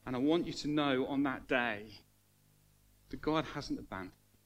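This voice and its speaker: An earnest male preacher delivering a sermon in a church hall. His voice is mid-pitched and sincere. He builds to fervent emphasis, then falls quiet and reflective. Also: moderate pace, pauses often.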